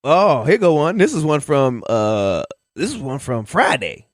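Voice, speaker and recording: A man's voice: medium pitch, sing-song, unhurried, no room sound, studio quality. A man co-hosting a casual podcast, cracking jokes and cutting in with crude asides. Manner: wisecracking, interjecting, profane. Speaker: podcast co-host.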